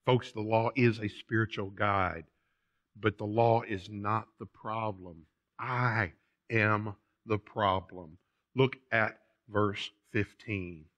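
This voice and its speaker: Animated man preaching a sermon. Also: on the low side. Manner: animated preaching, swinging between loud emphasis and quiet asides; plain-spoken and folksy, often addressing the congregation as folks. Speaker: pastor. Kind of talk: Sunday sermon. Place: church sanctuary.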